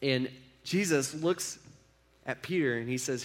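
A pastor with a brisk, mid-range voice gives a casual sermon, retelling a story and acting out the characters' lines in an everyday voice.

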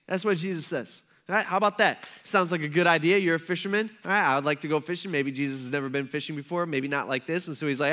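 A man's voice: fairly high pitch, fast talker, hardly any pauses, sharp tone. A male pastor preaching a sermon in a conversational storytelling manner, with plenty of casual asides.

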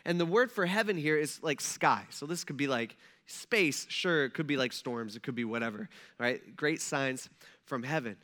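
A man's voice: mid-range voice, moderate pace. A young man preaching a casual, conversational sermon who acts out the quotes and keeps checking in with his listeners. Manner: animated, acts out quotes, frequent "right?" and "like". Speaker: pastor.

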